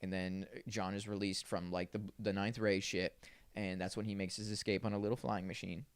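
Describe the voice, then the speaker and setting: A man's voice: low-pitched, level tone, brisk, clear, resonant tone, no echo. A man co-hosting a podcast, casually recapping a film in laid-back slang and acting out the characters' lines. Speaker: podcast co-host.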